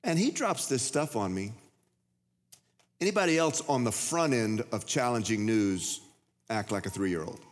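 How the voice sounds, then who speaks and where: A male pastor preaching a sermon, telling stories in a folksy way that jumps to high, loud outbursts. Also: animated, measured pace. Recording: church hall reverb.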